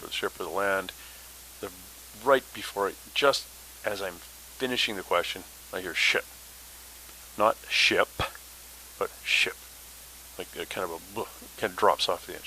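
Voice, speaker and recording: Deep guy telling his podcast story, loose and chatty, lots of uhs, punchy bright tone. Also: a little hiss or hum, low-quality recording. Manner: conversational, rambling with many fillers. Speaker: paranormal podcast host.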